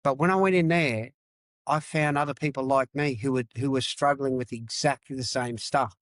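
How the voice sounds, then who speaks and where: A man's voice: mid-range voice, steady tone, normal speed, fairly bright tone, no echo. Middle-aged aussie-born guy, blunt and emphatic, keeps repeating himself, dry close sound. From Australia. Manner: emphatic, repeats phrases, swears. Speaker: podcast guest. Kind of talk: candid interview talk.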